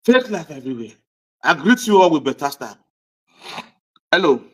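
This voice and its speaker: High-voiced Nigerian man ranting. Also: sing-song, normal speed. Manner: heated, repetitive, scolding. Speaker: social media commentator. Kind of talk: ranting vlog monologue.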